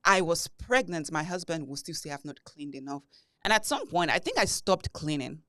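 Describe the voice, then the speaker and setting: A woman co-hosting a podcast, talking casually and animatedly, putting real weight on her words. Her voice sits a little low for a woman. The sound is dry and close, with no room around it. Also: normal speed, no room sound. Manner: animated, retells arguments with heavy emphasis. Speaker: podcast co-host. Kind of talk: casual chat.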